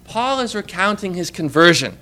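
Male preacher, high bright voice, conversational sermon with frequent questions to the congregation. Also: big pitch swings, moderate pace.

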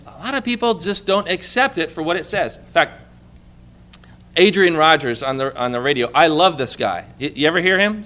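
Male preacher, high bright voice, conversational sermon with frequent questions to the congregation.

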